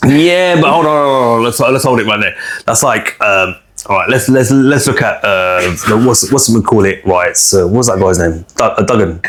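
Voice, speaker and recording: A man, chatting on a podcast in an animated way, repeating words and using slang. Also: fairly low pitch, normal speed. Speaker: podcast host. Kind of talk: casual chat.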